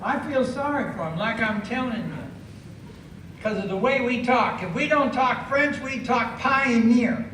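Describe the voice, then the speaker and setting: Here a high-voiced stand-up from the United States delivers his routine live, stretching words out, hitting them hard, and sometimes shouting. The sound comes from a distance, with echo and background noise from the venue.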